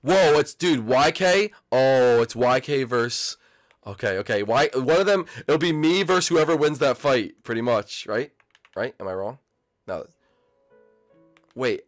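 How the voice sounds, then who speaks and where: A young man hosting a gaming channel, excitedly commentating his own gameplay and calling out to other players and viewers. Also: mid-range voice, measured pace, soft background music.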